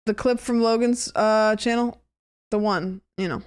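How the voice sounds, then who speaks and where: Young woman streamer, unhurried, mid-pitch, joking gameplay commentary. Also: clear, resonant tone. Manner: joking, reads game text aloud.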